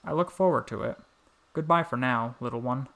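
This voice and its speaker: A man voicing a small, gentle and wise male frog who speaks softly and protectively. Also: medium pitch, fairly quick, vocal fry. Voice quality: soft little voice. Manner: warm, fatherly, calls the boy "little one".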